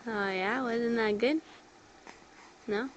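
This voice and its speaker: High sing-song mother cooing to a baby. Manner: sing-song, coaxing, slow and drawn out. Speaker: mother talking to her baby. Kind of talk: home video baby talk. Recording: dull lo-fi home video with background noise.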